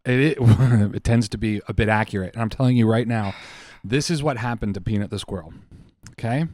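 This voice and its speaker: A man's voice: fairly low pitch, brisk, a little mellow, no room sound, studio quality. A young man co-hosting a casual comedy podcast, telling a mock-conspiratorial story with lots of swearing and put-on voices. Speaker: podcast co-host.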